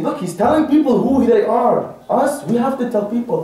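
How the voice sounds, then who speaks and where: A man preaches from a distance in a big echoing mosque hall, with a high, mellow voice. He hammers his listeners with rhetorical questions. The reverb hangs on every phrase. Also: expressive, a little fast, few pauses. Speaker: speaker at a religious gathering. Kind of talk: Muharram majlis sermon. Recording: echoey hall, from far off.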